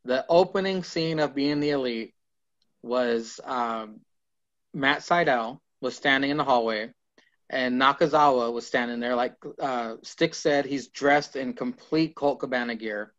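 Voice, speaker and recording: A man co-hosting a casual wrestling podcast, retelling scenes in an animated way and swearing freely. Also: mid-range voice, a little slow. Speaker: podcast co-host. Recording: lo-fi podcast audio.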